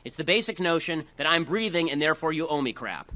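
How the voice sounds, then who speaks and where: Brisk, combative man giving a talk. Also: fairly high pitch, animated, sharp tone, a little hiss or hum. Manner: fast, combative, sarcastic delivery. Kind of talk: speech to a live audience.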